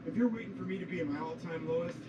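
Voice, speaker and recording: A man's voice: sits high, rapid-fire, far from the mic, close to an everyday voice. An actor playing a desperate, whiny jailed man pleading to be rescued, heard as dull, noisy playback from a series.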